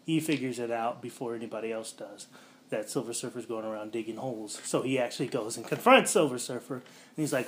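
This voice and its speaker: A man's voice: mid-range voice, a little hiss or hum. Rambling male podcast host recapping plots. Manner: rambling plot recap full of fillers like um and like; acts out quotes in quick character voices. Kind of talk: casual podcast chat.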